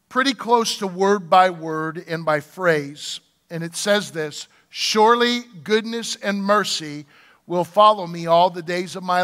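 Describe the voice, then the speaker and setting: A man's voice: high-pitched, bright, forceful tone, in a large hall. A man preaching a sermon as pastor in a church, speaking to the congregation and asking them to respond. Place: church sanctuary.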